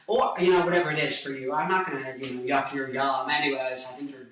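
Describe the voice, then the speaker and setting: A man's voice: medium pitch, fairly even intonation, fast, fairly bright tone. A man in his twenties, a rock musician, rambling and joking on tangents in a casual vlog. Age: 20s. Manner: hyper, joking, goes off on tangents. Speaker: rock guitarist and singer. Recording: echoey room, mic at a distance.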